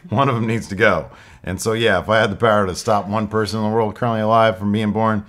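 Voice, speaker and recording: A man's voice: on the low side, steady tone, fast, fairly bright tone. A man co-hosting a podcast, telling rambling stories in a laid-back, casual way. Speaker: podcast co-host. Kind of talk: casual chat.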